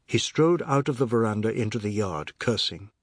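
A man reading a novel aloud as an audiobook narrator, in a measured, expressive way. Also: fairly low pitch, no room sound, studio quality.

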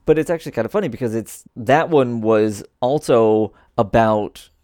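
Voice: medium pitch, moderate pace, dark tone, dry recording, clean studio sound. A podcast co-host in casual chat about a TV episode, easygoing and hesitant with many fillers.

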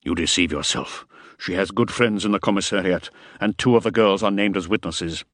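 A man voicing a nervous, sweating middle-aged fixer who gives clipped, urgent orders in a low, dry tone. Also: brisk, fairly bright tone, no room sound. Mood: stern.

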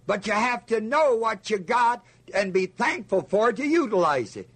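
A man's voice: high-pitched, lively intonation, normal speed, a bit bright. An older man teaching a Bible lesson to a listening group, asking them questions and answering himself with emphasis. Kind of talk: sermon teaching.

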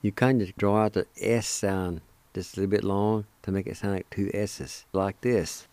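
Language teacher, male: low, mellow voice, very slow and careful, dry close recording, spells syllables one at a time. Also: fairly even intonation, no echo.

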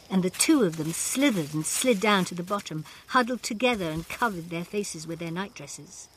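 A woman narrating a story in a dramatic, expressive reading. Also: lowish voice, normal speed, hardly any pauses, a little hiss or hum. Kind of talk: scripted narration.

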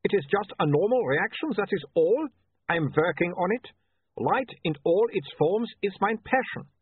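Guy doing a stiff earnest vampire with a foreign accent, lively up-and-down voice, dry lo-fi phone sound. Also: sits high, normal speed, husky, no echo, pitched above the performer's own voice, full character voice. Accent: foreign put-on accent.

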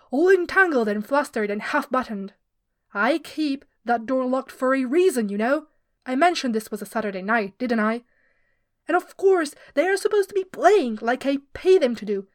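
A woman voicing a grumpy, put-upon male club owner who complains loudly and with exasperation. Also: high-pitched, no room sound, studio quality.

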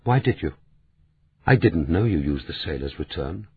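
A man voicing a sharp, sardonic middle-aged woman who needles the others, as a narrator reading a novel aloud. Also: very deep voice, lively intonation, moderate pace, husky, heavily acted. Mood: cool. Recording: tinny phone-like sound.

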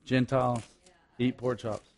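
A man's voice: mid-range voice, level tone, measured pace, a little mellow. A male pastor preaching a sermon, emphatic and repetitive, with rhetorical asides to the congregation.

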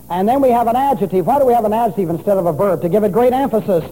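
A pastor with a very high-pitched, mellow voice gives an expository sermon in a large hall with long reverb, teaching with emphasis and spelling Greek words out letter by letter.

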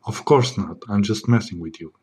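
A man playing a smug secret agent in a comedy sketch, keeping a low, smooth, deadpan voice. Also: normal speed. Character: suave smug male secret agent parody.

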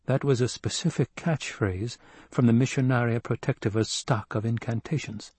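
Brief: male narrator, mid pitch, husky, measured storytelling, dry close sound. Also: a little mellow, no room sound. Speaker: audiobook narrator. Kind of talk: scripted narration.

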